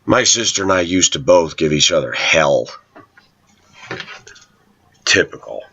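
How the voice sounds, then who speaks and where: Deep-voiced man preaching casually, lo-fi. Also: lively intonation, unhurried, pushed and bright, slightly rough. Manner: storytelling, laughs often, rhetorical questions. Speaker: online Christian commentator.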